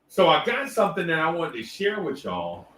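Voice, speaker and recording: A man hosts a casual live stream, greeting viewers one by one and talking loosely with restarts. His voice is bright and forceful. He sits away from the mic in an echoey room. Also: on the high side, wildly swooping pitch, normal speed, recorded from a distance. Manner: loose, repetitive shout-outs with restarts and fillers. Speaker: livestream host.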